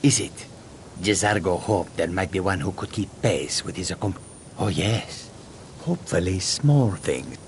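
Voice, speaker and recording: A man's voice: low-pitched, lively intonation, measured pace, a little hiss or hum. An actor voicing a proud, boastful male cat-person mage who talks about himself in the third person. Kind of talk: video game voice acting.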